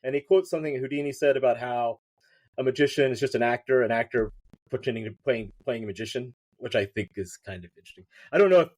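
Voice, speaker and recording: A man's voice: medium pitch, fast talker, a little mellow. Man rambling through a story. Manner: rambling storytelling with many fillers and restarts. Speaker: podcast guest, writer. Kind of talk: casual chat.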